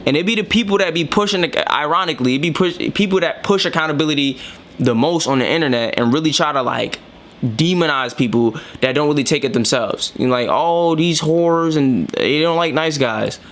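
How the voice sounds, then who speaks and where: A man's voice: a little high, quick pace, a bit bright. A man from New York City with a New York accent, giving casual opinion commentary in a slangy, emphatic, preachy way. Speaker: commentator reacting to clips.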